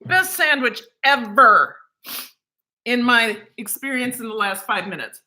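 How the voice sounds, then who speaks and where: A woman's voice: a little high, animated, measured pace, bright, forceful tone, reverberant, poor audio. Gushing woman vlogging in a kitchen. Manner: gushing and emotional, talks while eating. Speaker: cooking vlogger. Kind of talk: casual chat to camera. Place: home kitchen.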